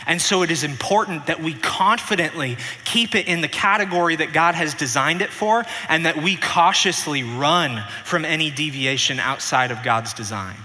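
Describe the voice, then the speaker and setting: A young man preaching a sermon as pastor, telling stories with animation and dropping softer for earnest points. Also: fairly high pitch, moderate pace, few pauses. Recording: reverberant hall.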